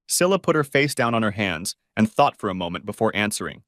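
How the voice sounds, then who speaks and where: A man narrating a first-person story in an expressive, dramatic way. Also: on the low side, a little fast, hardly any pauses, no echo, studio quality. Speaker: audiobook narrator.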